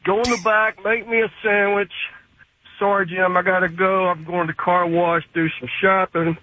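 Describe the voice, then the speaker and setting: A man calls into a talk radio show with a blunt, grumpy complaint. His voice sits high. He sounds tinny, as over a phone line. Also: flat delivery, moderate pace. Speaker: caller. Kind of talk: call-in complaint.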